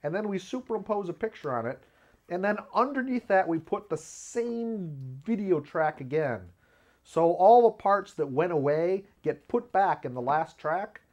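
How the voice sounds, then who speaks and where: A man's voice: a little slow, dull audio. Rambling, self-mocking man hosting a show. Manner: rambling, self-mocking, laughs at own jokes; lively pitch jumps when acting out quotes. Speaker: video show host. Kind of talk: casual comedic monologue. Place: home studio with black curtain behind.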